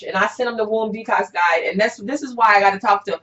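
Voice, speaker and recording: Relaxed, drawn-out woman herbalist host. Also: on the high side. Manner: relaxed, drawn-out, with frequent "you know" and "um". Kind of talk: casual conversational interview. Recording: roomy, dull-sounding recording.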